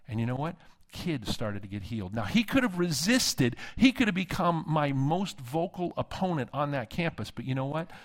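A middle-aged man, a seminary dean, preaching a sermon and telling stories with humor, acting out the voices of people he quotes. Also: medium pitch. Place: conference hall.

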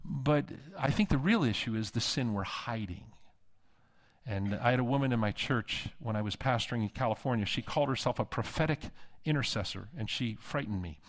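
A man's voice: mid-range voice, brisk. A middle-aged man, a seminary dean, preaching a sermon and telling stories with humor, acting out the voices of people he quotes. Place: conference hall.

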